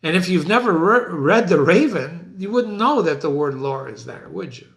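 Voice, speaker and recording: A man in his sixties giving a literature lesson, asking his listeners many questions and reading quotes slowly. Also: high-pitched, lively intonation. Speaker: literature teacher. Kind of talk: lively literature lecture.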